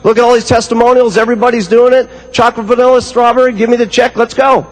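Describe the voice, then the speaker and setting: A man's voice: extremely high pitch, little pitch movement, fast, poor audio. A man voicing an eager housewife who gushes about a diet and complains about her family. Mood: gushing.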